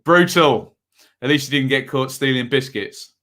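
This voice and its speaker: A man's voice: medium pitch, normal speed, pushed and bright. A young man hosting a live football watch-along, chatting casually and rambling between match commentary. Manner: chatty, rambling, self-deprecating.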